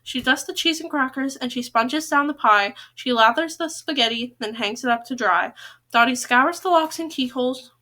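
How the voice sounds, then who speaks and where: High bright-voiced woman reading funny kids' poems aloud, chatty asides, stumbles on the tongue twisters. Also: normal speed. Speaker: podcast host reading a book aloud.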